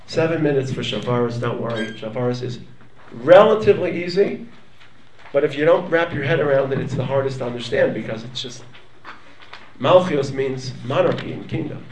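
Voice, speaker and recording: A man teaching a lively Torah class, dramatic in his delivery, swinging from low murmurs up to near-shouts. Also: moderate pace, echoey room, far from the mic, a little hiss or hum. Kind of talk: animated Torah lecture.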